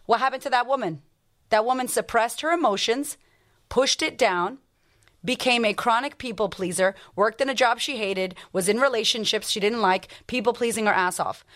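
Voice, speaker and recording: A woman life coach hosting a motivational podcast, talking bluntly and emphatically with lots of swearing and rapid-fire rhetorical questions. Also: a little high, a bit bright.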